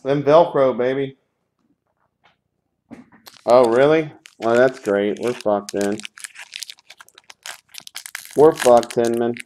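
A man hosting a sports card break talks at a slow, unhurried pace in a mid-range voice. He calls out each pull with sarcastic, grumbling remarks and plenty of swearing. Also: medium pitch, fairly even intonation, darkish tone, slight background noise. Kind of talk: live card break commentary.

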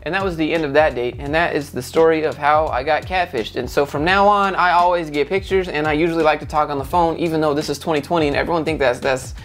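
A man hosting his own video channel, telling a dating story in a casual, animated way. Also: fairly high pitch, quick pace, few pauses, faint music behind. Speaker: YouTube host.

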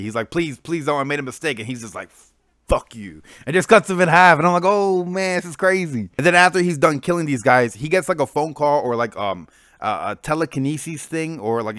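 A young man hosting casual comic book reviews, excited and slangy, full of fillers. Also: mid-range voice, no echo, clean studio sound. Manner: excited, slangy, lots of "like" and "freaking".

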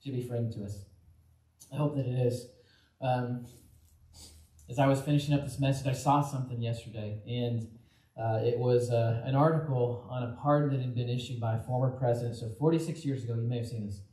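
Male pastor, relaxed chatty sermon, warm mellow tone, church reverb. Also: mid-range voice, brisk. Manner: informal, many fillers and restarts, acts out quoted voices. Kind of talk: casual conversational sermon. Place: church sanctuary.

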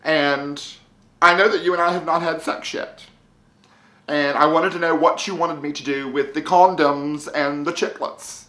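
A performer playing Mary, a distraught, whiny trailer-park wife who leaps into high wails and complains crudely in a comic home-tour monologue. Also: fairly even intonation, measured pace, sharp tone. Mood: whiny, aggrieved. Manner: melodramatic, wailing pitch leaps, self-pitying, crude. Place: indoors at home, house tour. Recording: echoey room.

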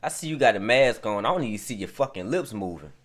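A man's voice: fairly low pitch, expressive, fast, a bit bright. A man hosting a reaction video, talking straight to his viewers in a rambling, profane, casual way, just woken up.

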